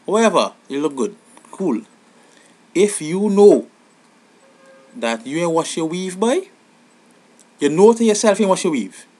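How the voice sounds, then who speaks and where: A young man giving comic advice in an animated, exasperated vlog monologue. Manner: animated, exasperated, rising to high outbursts. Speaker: vlogger.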